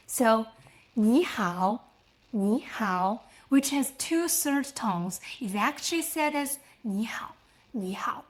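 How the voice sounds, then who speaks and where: A woman whose first language is Mandarin, teaching pronunciation in a scripted lesson. She speaks English with small grammar slips and says each example sound twice, slowly and clearly. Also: a little high. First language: Mandarin Chinese.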